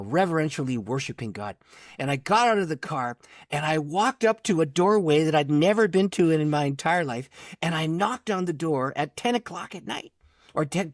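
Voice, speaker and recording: Man, middle-aged pastor, animated storyteller, slightly high voice, dry close sound. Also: dry recording. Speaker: pastor and author, podcast guest. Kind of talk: storytelling in a conversation.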